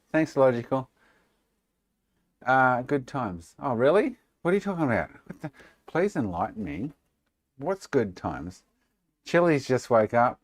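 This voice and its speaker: A man's voice: medium pitch, lively intonation, a little slow, long pauses, no room sound. An Australian man chatting casually and sarcastically with viewers on a live stream, swearing freely. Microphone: desk microphone.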